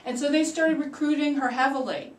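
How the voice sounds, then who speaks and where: Animated woman telling a story, roomy and distant. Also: brisk. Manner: animated, acts out quoted voices with big leaps in pitch and loudness. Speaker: speaker at a public speaking club. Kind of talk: prepared storytelling speech. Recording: roomy sound from a distant mic.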